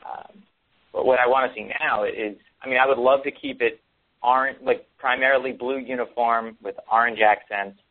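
A man's voice: medium pitch, fairly even intonation, normal speed. A man co-hosting a casual sports talk show, rambling with many ums and restarts. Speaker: podcast co-host. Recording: tinny phone-like sound.

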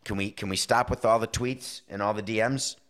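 Male talk-show host, slightly low voice, wry and conversational, acts out quick dialogue. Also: fairly even intonation, fairly bright tone. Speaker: podcast host. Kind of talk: casual sports talk monologue.

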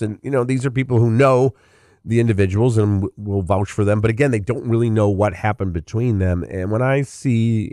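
A middle-aged man giving relaxed, opinionated entertainment commentary, talking off the cuff. His voice sits very low, and the sound is dry and close, with no room around it. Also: dry recording. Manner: conversational and opinionated, with frequent fillers and restarts. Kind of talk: casual spoken commentary.

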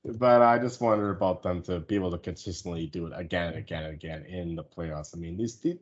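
Deep husky man, casual sports chat. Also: fast, highs cut off. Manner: loose, rambling, swears casually. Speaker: sports betting podcast co-host.

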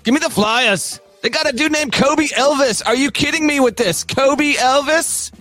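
A man's voice: very high-pitched, normal speed, bright, forceful tone, faint music behind, pitched above the performer's own voice. A man putting on an Australian accent and playing a showy sports pundit who drags out names. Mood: hammy. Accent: put-on Australian.

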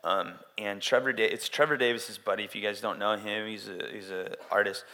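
A man preaching a sermon in a casual, animated way, acting out quotes as he tells stories. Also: fairly low pitch, fairly quick. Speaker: pastor. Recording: long hall reverb.

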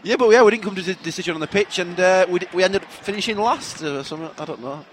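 A man's voice: sits high, fast, a little hiss or hum. A man with a Yorkshire accent, co-hosting a podcast, playful and laughing often in casual banter. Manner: laughs a lot, playful teasing. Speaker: podcast co-host.

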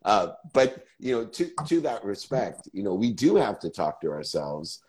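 Deep, husky host in his fifties. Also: very animated, darkish tone. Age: 50s. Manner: quick, enthusiastic, swears casually. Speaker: podcast host. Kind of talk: casual interview chat. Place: hotel hallway.

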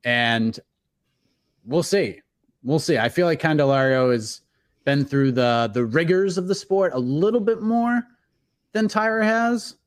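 A man hosting a casual panel chat, easygoing, often trailing off quietly. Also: a little high, lively intonation, measured pace. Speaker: host.

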